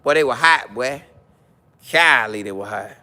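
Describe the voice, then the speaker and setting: A man with a mid-range voice speaks at a measured pace during a casual live stream. He goes through comments, cracks jokes, repeats lines, and does mock voices with animated flair.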